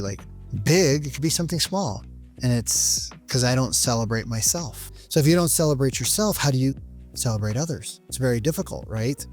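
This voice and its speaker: A man's voice: medium pitch, darkish tone. A man giving an earnest motivational talk to camera, retelling a coaching session with frequent "right?" asides. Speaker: business coach and vlogger.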